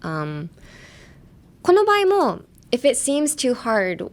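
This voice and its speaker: A woman's voice: on the high side, huge pitch swings, slow. Bilingual woman teaching English pronunciation. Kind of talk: bilingual podcast English lesson.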